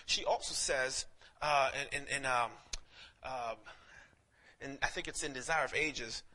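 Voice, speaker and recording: A young man preaching a sermon in a lively storytelling way, with casual slang and many quick restarts. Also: medium pitch. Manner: animated storytelling, slips into quoted voices, frequent restarts.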